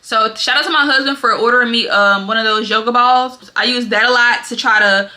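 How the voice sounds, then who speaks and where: A young woman vlogger telling stories in a lively, dramatic way, often talking straight to her viewers. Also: fairly high pitch, fairly quick. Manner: animated, dramatic storytelling, often addresses viewers as y'all. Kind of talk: casual storytelling vlog.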